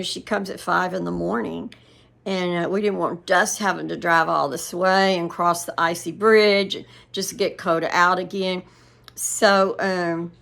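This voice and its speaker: Older woman, homey vlogger; gravelly, meandering chat. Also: mid-range voice, a bit bright. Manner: rambling storytelling with laughs. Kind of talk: casual chat to viewers.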